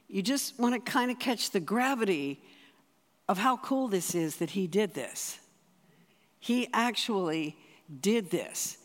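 Earnest preacher in a reverberant hall. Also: medium pitch. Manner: earnest, conversational preaching with repeated restarts. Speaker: spiritual director giving a talk. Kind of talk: sermon. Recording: long reverb of a large hall.

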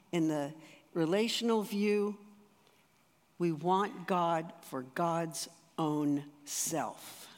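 A speaker giving sermon teaching to a congregation in a conversational way, with rhetorical asides to the listeners. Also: medium pitch. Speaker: church teacher. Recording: long reverb in a large hall.

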